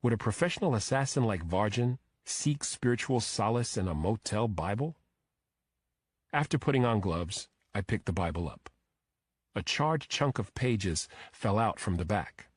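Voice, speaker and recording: A man narrating a first-person crime thriller audiobook in a steady, measured way. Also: fairly low pitch, husky, no room sound, clean studio sound.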